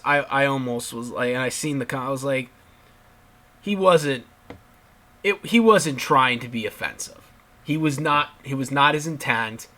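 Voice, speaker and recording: Bright-voiced man ranting about wrestling. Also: on the high side. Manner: exasperated, ranting with frequent swearing and restarts. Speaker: YouTube commentator. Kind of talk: casual rant to camera.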